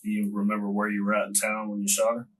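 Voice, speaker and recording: A male detective questioning a suspect with short, steady probing questions. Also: lowish voice, fast, distant mic. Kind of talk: police interrogation.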